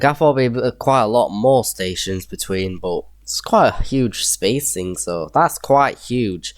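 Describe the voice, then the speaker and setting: A young gameplay video creator with a Yorkshire accent and a medium-pitched voice, recorded without echo, builds a train map in a game. He thinks aloud casually, chuckling to himself occasionally.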